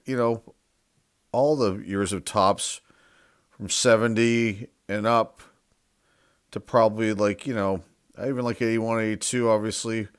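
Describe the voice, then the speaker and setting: A man's voice: on the low side, clear, resonant tone, no room sound, studio quality. A man, a sports card collector, chatting casually and unsure of himself as he opens a box of cards, thinking aloud and reading off player names. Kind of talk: casual card-opening commentary.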